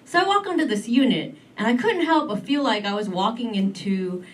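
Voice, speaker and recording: A woman in her thirties performing an animated stand-up comedy set on a club stage. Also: a little high, brisk. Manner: animated, switches between voices. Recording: distant mic, club crowd laughing.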